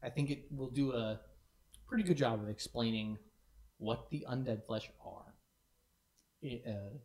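A man's voice: medium pitch, a little slow, a little mellow. A man co-hosting a community stream, talking casually and enthusiastically with many restarts. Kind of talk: casual chat. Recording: echoey room.

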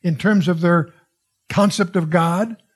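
A man's voice: sits high, fairly even intonation, slow pace, breathy edge. A man teaching a Bible study in a conversational, digressive way, quoting scripture with emphasis.

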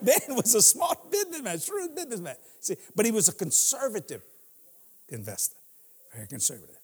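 Guy in his 60s preaching at church, kinda raspy, pitch bouncing all over, cracking jokes. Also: big pitch swings, brisk, long reverb tail. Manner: humorous storytelling, laughs often. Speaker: guest preacher. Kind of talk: sermon.

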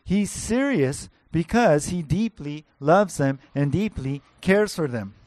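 Earnest preaching man, slightly high voice. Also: lively intonation, takes it slowly, a little mellow, no room sound. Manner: earnest, emphatic, repeats key words for stress. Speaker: pastor. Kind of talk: sermon.

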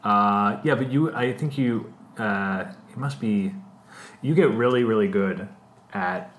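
A man in casual podcast chat, explaining things in a relaxed way with plenty of examples. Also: on the low side, measured pace. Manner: relaxed, explains with examples, frequent agreeing murmurs. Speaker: podcast co-host. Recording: roomy echo.

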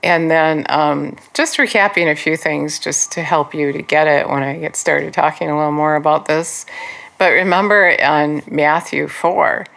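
Low-voiced woman teaching the Bible. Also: fairly even intonation, normal speed, vocal fry, a bit bright. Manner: conversational, earnest, with frequent fillers. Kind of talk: informal Bible teaching with prayer.

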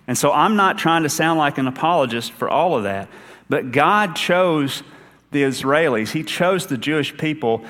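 A man's voice: medium pitch, a bit bright, big-room sound. A man with an Eastern Kentucky accent, an associate minister giving a sermon in an earnest, conversational way with personal asides.

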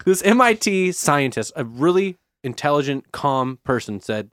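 A young man with a fairly high voice tells stories in a loose, animated way. He swears freely and jumps into other people's voices mid-story. The sound is close and dry, with no room around it. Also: moderate pace, hardly any pauses, clean tone, no room sound. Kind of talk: casual chat.

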